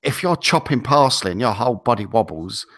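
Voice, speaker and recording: A man's voice: medium pitch, brisk. A man with an English accent, co-hosting a casual talk show and telling long rambling stories. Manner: rambling storytelling, animated. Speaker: co-host. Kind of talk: casual podcast banter.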